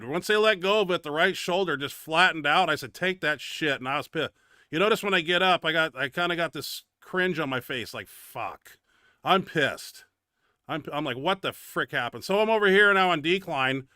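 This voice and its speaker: A man's voice: a little high, pushed and bright, clear, resonant tone, no echo, clean studio sound. A man hosting a bench press show, giving casual, blunt, profane commentary over his training footage. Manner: blunt and profane, grumbling about his own setback.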